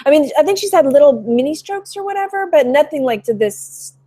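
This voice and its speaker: A woman from Texas chatting casually on a live stream, rambling through a personal story with lots of "you know" fillers and pausing to greet viewers by name. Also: high voice, animated, warm tone. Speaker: thrift reseller vlogger.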